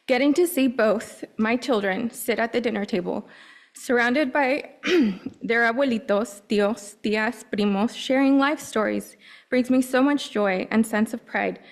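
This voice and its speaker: A woman from Napa Valley, California, a parent giving a prepared public comment, earnest and clearing her throat often. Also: a little high, a little mellow.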